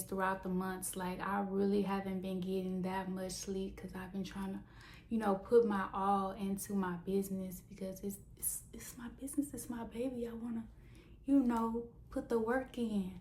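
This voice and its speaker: A young woman, a small business owner, telling a story in a casual vlog with animated, mock-dramatic flair. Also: medium pitch, slight background noise. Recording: roomy echo.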